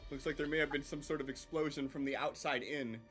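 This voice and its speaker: A man's voice: a little high, steady tone, quick pace, a bit bright, soft background music. A man narrating as game master of a tabletop game, hesitant and full of ums and uhs.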